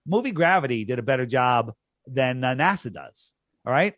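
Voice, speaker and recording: A man's voice: mid-range voice, lively intonation, moderate pace, a bit bright, no echo, studio quality. A man talking in an emphatic, scornful way on a podcast, repeating his points for effect. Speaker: podcast guest. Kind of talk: conversational podcast argument.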